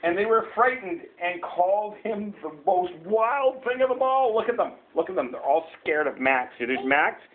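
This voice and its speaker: This man's high voice moves at a moderate pace with hardly any pauses, over a slight hiss or hum. Reading a picture book to his young son at home, he's lively and coaxing, breaking off to point and roar playfully, all captured in tinny home video sound that resembles a phone recording.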